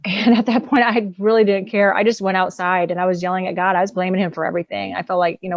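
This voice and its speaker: A woman's voice: on the low side, little pitch movement, fast, creaky, few pauses, no room sound, muffled recording. A woman, an empowerment coach and author, telling her personal story as a guest in a casual, candid way, often laughing between thoughts.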